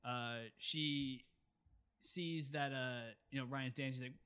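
A man's voice: medium pitch, takes it slowly, clear, resonant tone. A young man co-hosting a podcast, chatting casually and acting out characters' lines as he recaps a story. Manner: animated, acts out characters' lines. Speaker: podcast co-host.

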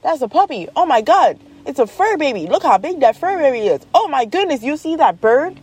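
A woman's voice: sits high, sing-song, fairly quick, darkish tone, voice pushed up. A woman putting on a gushing, theatrical little girl. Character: excitable little girl, chattering and dramatic.

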